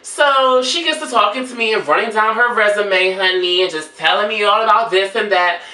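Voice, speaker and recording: A woman's voice: mid-range voice, normal speed, bright, forceful tone, echoey room, far from the mic. A woman telling a sassy story as a rant to her viewers, brassy and dramatic, calling them honey. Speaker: vlogger.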